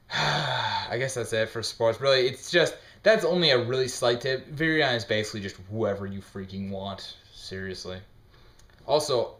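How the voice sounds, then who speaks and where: A man's voice: medium pitch, a bit bright, echoey room. Joking man hosting a game guide. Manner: loose, joking, rambling with fillers. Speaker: video game guide host. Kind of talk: casual game guide commentary.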